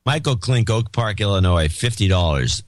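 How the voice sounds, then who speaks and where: A man co-hosting a podcast, reading listener donation notes in a brisk way and sometimes laughing at them. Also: on the low side, expressive, dry recording, clean studio sound. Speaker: podcast co-host.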